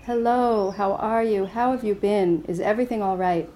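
A gentle old male spiritual master speaks with warmth and a wry edge, as a woman reads him aloud. His voice sits at a middle pitch and is friendly and unhurried. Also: steady tone, lightly acted. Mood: warm welcome. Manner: warm, wry.

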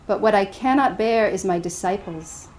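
A world-weary male demon lord grumbles that he is fed up with playing the villain, as a woman reads him in a spoken story. The voice stays at a middle pitch and complains in an exasperated way. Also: moderate pace, a little mellow, slight background noise, lightly acted. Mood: weary complaint.

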